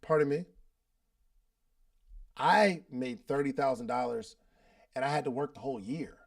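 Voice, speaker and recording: A man's voice: medium pitch, unhurried, gravelly. A man hosting a live coaching session, talking loosely and casually with slang and repeated phrases for emphasis. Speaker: podcast host and business coach. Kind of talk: casual coaching talk at a live online meeting.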